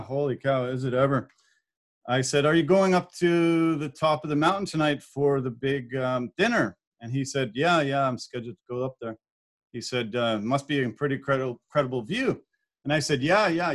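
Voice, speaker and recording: A man, a podcast guest, telling a story in a casual, animated way, laughing often and acting out what people said. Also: mid-range voice. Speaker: podcast guest, corporate speaker.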